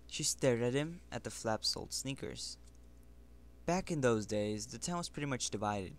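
A man's voice: medium pitch, animated, moderate pace. Man reading a children's novel aloud. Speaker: reader. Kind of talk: amateur audiobook reading.

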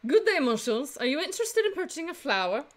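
A woman's voice: high voice, big pitch swings, fast talker, fairly bright tone, voice pushed up. A woman voicing a poised young French flower-seller bird, with a put-on French accent and a composed, guarded manner.

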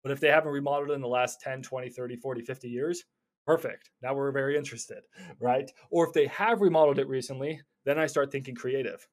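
A man teaching cold calling in a casual, energetic way, often stumbling over and repeating words. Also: medium pitch, fast. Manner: energetic, stumbling repeats, slips into acted phone calls. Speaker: real estate investor teaching cold calling. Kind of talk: casual instructional talk.

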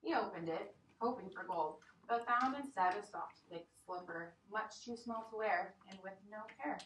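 A woman teacher reads a story aloud to her class with expressive, dramatic delivery. She is recorded from across an echoey classroom, with faint noise behind. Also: medium pitch, normal speed, distant mic.

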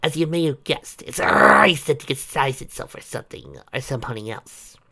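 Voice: mid-range voice, lively intonation, normal speed, gravelly, pushed and bright, slightly rough, voice pushed up, exaggerated voice. A reader as a worried unicorn mother. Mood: explaining.

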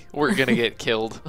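A man co-playing in a casual let's play, relaxed and quick to laugh. His short replies come in an ordinary middle register. Soft game music sits faintly in the background. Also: mid-range voice. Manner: laid-back, laughs a lot. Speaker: co-player.

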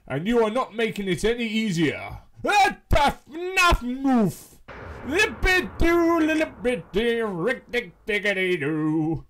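A man with a high voice narrating his own horror game playthrough. He talks back to the monster and yelps at the scares, with his pitch swinging widely and his pace slow between frights. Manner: jumpy, yelping, talks to the monster. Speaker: gamer. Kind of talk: horror game let's play commentary.

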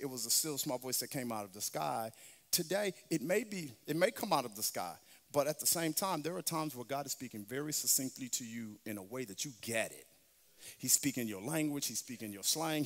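A man preaching a sermon as pastor, moving between chanted, shouted passages and quiet, close teaching. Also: mid-range voice. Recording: long reverb of a large hall.

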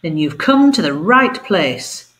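A woman's voice: lowish voice, very animated, takes it slowly, a bit bright, exaggerated voice. A woman voicing a sly, bossy female cat who runs a gang.

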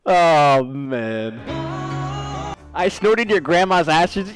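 A young man talks over his gameplay in a high, bouncy voice that swoops up and down. His chatter is crude and excitable, and he breaks into sudden shouts. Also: normal speed, loud music behind the voice. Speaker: streamer. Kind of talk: casual gaming stream chatter.

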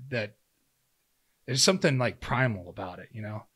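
A man's voice: on the low side, expressive, normal speed, fairly bright tone, husky. A man in his thirties, a podcast guest, telling a story in casual conversation, acting out his own quotes with lots of fillers. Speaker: guest, former pro football player turned hunter.

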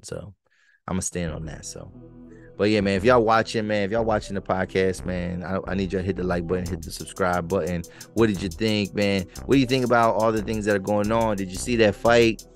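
A man's voice: sits low, fairly even intonation, fairly quick, soft background music. A man hosting a podcast in casual solo commentary, emphatic and choppy, often repeating words as he gets worked up. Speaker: podcast host.

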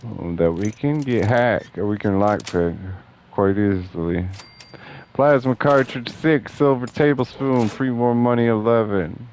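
Young guy playing a game and cracking jokes, lowish voice, faint noise and clicks. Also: measured pace, a little mellow, low-quality recording. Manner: joking, sarcastic, swears often. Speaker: gameplay streamer. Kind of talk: casual gameplay commentary.

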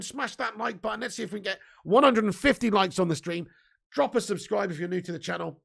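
Gravelly young man hosting a live stream. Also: high voice, a bit bright. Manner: chatty, casual swearing, reading out viewer comments. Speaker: football fan channel host. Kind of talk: live stream chat commentary.

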